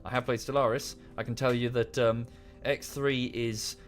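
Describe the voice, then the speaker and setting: Thirties male streamer, mid-pitched, rambling and ranting into a close mic. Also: level tone, moderate pace, faint music behind. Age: 30s. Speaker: game streamer. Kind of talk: casual live-stream chat. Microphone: close to the microphone.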